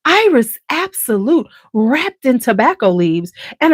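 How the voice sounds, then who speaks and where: Animated, sassy woman with a Chicago accent. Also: a little slow, no room sound. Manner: animated, sassy, swings into high exaggerated quotes. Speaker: beauty channel host. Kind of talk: casual chat to camera.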